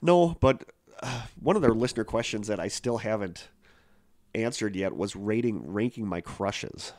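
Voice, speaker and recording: A man's voice: fairly low pitch, normal speed, a little mellow, dry recording, studio quality. Congested man chatting on a podcast. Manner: congested, tired. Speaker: podcast co-host. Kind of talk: casual chat.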